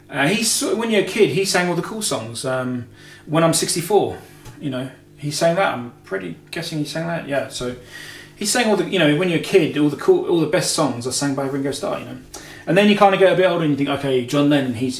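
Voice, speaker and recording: A man's voice: fairly high pitch, slight background noise. Rambling man in a roomy space. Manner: rambling, heavy with filler "you know"s and self-corrections. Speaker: guitar show host. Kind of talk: casual Q&A chat. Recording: roomy echo with faint music.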